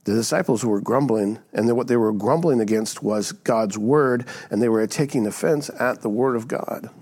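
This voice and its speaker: A man's voice: mid-range voice, normal speed, a little mellow. A male pastor giving a sermon in a conversational teaching style, often checking in with the congregation with a rhetorical "right?".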